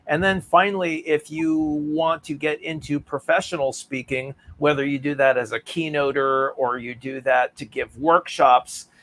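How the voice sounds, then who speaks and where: Man, interview guest, articulate, emphatic, rhythmic delivery, fairly high voice. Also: fairly even intonation, moderate pace, few pauses, a bit bright. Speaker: guest, author and speaking coach. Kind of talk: interview answers.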